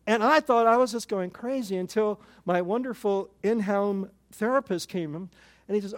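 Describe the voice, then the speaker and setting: Older male pastor, high-pitched, informal storytelling sermon with wry humor. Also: brisk. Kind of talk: conversational sermon.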